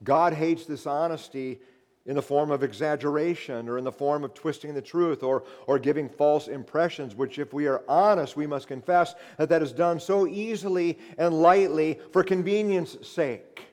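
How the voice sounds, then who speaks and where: A man's voice: a little high, normal speed, darkish tone, long reverb tail. A male pastor preaching a sermon in a fervent, emphatic way, often addressing his listeners as beloved.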